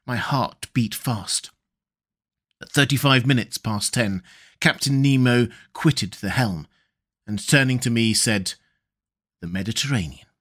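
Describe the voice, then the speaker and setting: A man reads a classic adventure novel aloud as an audiobook narrator, keeping a measured, steady delivery. His voice sits at a medium pitch, and the speech is scripted narration.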